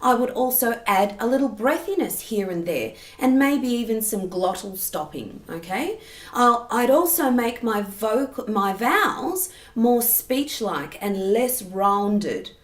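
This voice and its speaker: A woman singing teacher explaining vocal technique patiently and clearly, often checking in with the listener. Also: a little high, expressive, slow. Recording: roomy echo.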